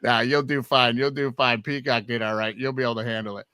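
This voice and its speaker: A man hosting a sports podcast, talking through football picks in a casual, animated way. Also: mid-range voice, fast talker, clear, resonant tone, no echo, clean studio sound. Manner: animated, swears when excited. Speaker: podcast host. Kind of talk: casual sports betting chat.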